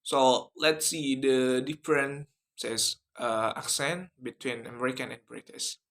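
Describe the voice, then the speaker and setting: A man's voice: mid-range voice, steady tone, slow, a bit bright. A young man giving a class video presentation, hesitant, with many fillers and restarts. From Indonesia. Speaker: student presenter.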